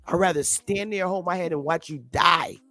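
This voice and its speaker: On the low side and pushed and bright, this woman's voice moves at a moderate pace through a defiant, combative opinion monologue she hasn't scripted. A commentary vlogger, she's blunt, swears a lot and repeats herself for emphasis, with faint music behind and no room sound.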